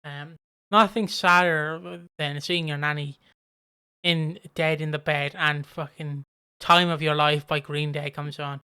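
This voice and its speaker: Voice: medium pitch, fairly even intonation, unhurried, bright, forceful tone, smooth. A podcast co-host telling stories in a casual chat, rambling and swearing freely.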